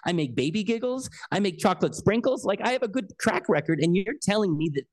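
A man's voice: high-pitched, expressive, fast, voice pushed up. A man voicing the universe or God as a sassy, mock-offended figure who cannot believe what it is hearing. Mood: indignant. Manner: mock-offended, exaggerated disbelief. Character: sassy indignant universe or God, of no set age.

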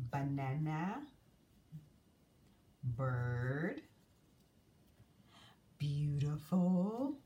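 A woman's voice: mid-range voice, darkish tone. A woman teaching young children a drawing lesson, coaxing and sing-song as she draws and asks them questions. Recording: distant mic, faint room noise.

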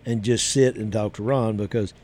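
A man's voice: fairly low pitch, steady tone, normal speed, a little mellow. A man, a guest telling stories in an easygoing, rambling way. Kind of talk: casual storytelling chat.

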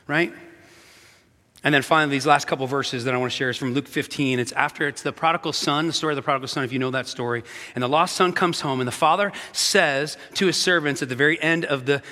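Upbeat pastor in a reverberant church. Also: male voice, medium pitch, sharp tone. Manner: upbeat, playful, talks straight to the congregation. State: a little out of breath. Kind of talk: energetic sermon. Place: church sanctuary. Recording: long hall reverb with faint music.

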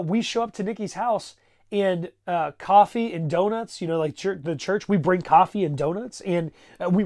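Man in his thirties, pastor, sermon storytelling, slightly higher voice, casual asides. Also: darkish tone. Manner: conversational, checks in with "right?" and "okay?".

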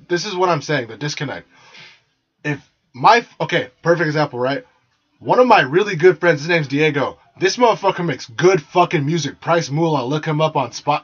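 Young man, slightly high voice, husky, blunt profane rant, dull lo-fi recording. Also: fairly bright tone. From San Jose, California. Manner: blunt, crude and exasperated, swears constantly. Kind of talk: profane ranting monologue. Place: small room with the door partly closed. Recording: dull lo-fi sound.

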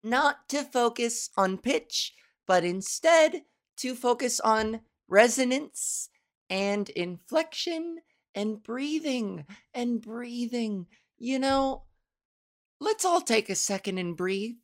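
Woman podcast host, casual solo chat, slow gravelly delivery, rambling and self-mocking. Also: a little high, animated. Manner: rambling, self-mocking, laughs at own jokes. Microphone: studio microphone.

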